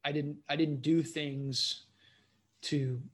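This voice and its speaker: Rambling guest comedian, slightly high voice. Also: male voice, flat delivery, slow pace. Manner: loose, rambling, leans on "you know" and "like"; playful and joking. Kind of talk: casual interview chat.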